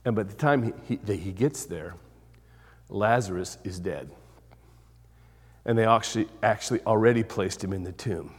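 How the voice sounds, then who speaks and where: A man preaching a sermon as pastor, moving from loud emphatic phrases to hushed, slow ones and repeating words for weight. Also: on the low side, expressive, slightly rough, big-room sound.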